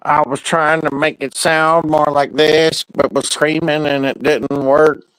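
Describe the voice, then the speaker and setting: Slow-talking crude man, casual vlog. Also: a little high, level tone, noisy background. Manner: loose, crude, talks to himself and his cat. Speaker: vlogger. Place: outdoors in the rain and at home.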